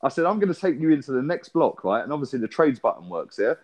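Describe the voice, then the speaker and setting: A man's voice: medium pitch, big pitch swings, a little mellow. A man, swearing and telling a long story in a casual podcast chat. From England. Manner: swearing, storytelling with rapid back-and-forth. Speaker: podcast co-host.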